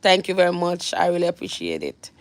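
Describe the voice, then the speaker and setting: A woman's voice: fairly low pitch, big pitch swings, a little fast, no room sound. A young Jamaican woman vlogger telling a storytime, rambling with many restarts and fillers. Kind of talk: storytime vlog.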